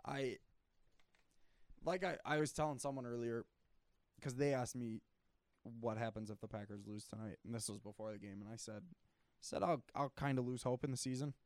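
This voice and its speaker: A man in a casual sports debate who is losing his voice, animated, often clearing his throat and restarting his sentences. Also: mid-range voice, moderate pace, long pauses, no echo. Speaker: sports talk co-host.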